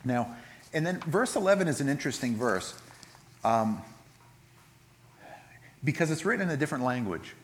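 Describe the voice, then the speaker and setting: A man preaching a sermon in a conversational way, retelling scripture with lively asides and frequent restarts. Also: mid-range voice, moderate pace, long pauses, slight background noise. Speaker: pastor.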